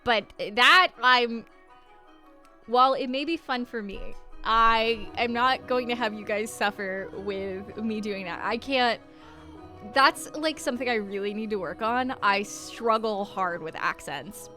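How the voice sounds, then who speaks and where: A woman's voice: a little high, measured pace, pushed and bright, faint music behind. A woman from the American South chatting casually as she plays through a visual novel, rambling and self-deprecating about her voice acting. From Southern United States. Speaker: gaming streamer. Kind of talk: casual let's-play commentary.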